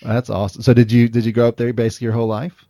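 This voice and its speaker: A man's voice: mid-range voice, flat delivery, rapid-fire, warm tone. A man hosting a podcast, talking enthusiastically with lots of "uh" fillers and frequent laughs. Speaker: podcast host. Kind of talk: podcast intro and interview.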